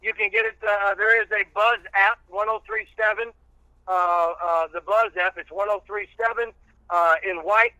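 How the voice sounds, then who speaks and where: A man, chatting casually as a guest on a podcast, folksy and halting with many fillers. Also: high voice, fairly even intonation, bright, forceful tone, no room sound, highs cut off. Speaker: radio host and guest.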